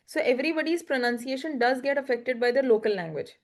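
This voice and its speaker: A woman talks in a relaxed podcast chat. She explains and advises at length in a fairly high voice. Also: fast. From India.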